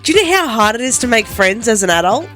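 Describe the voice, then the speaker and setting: A woman's voice: fairly high pitch, very animated, fast, a bit bright, soft background music. A woman in her thirties with an Australian accent, a breakfast radio co-host telling a story in casual, self-mocking chat. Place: radio studio. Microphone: studio microphone.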